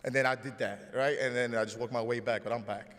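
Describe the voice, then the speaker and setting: A man in his thirties with a Greek accent, hosting a live stage show and telling a story in a halting way with many restarts. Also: mid-range voice, steady tone, fairly bright tone. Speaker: host. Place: large hall before a live audience. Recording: long hall reverb.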